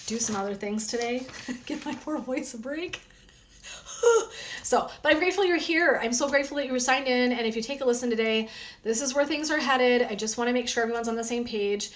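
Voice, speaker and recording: High-voiced energetic woman streaming live. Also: fast. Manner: chatty and energetic, frequent "um" and "right?". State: throat sore from talking. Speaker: wellness coach. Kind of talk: casual live stream chat. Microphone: phone.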